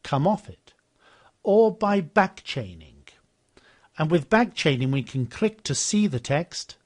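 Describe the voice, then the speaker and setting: A man narrating a walkthrough of a teaching program in a steady, explanatory way, repeating the model phrases after the clips. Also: on the high side, a little slow. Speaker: software demonstrator.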